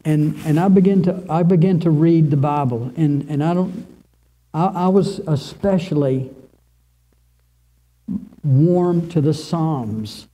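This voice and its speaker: A man in his sixties, a pastor, giving an impassioned sermon testimony, repeating phrases as he swings from soaring cries to hushed near-whispers. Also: fairly high pitch, slow, pauses often, poor audio.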